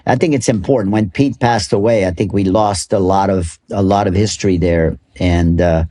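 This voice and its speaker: A man's voice: low-pitched, fairly even intonation, normal speed, mellow. Older man telling rambling golf stories. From Canada. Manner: rambling, laughs often, many restarts. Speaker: golf club ambassador. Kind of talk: storytelling interview.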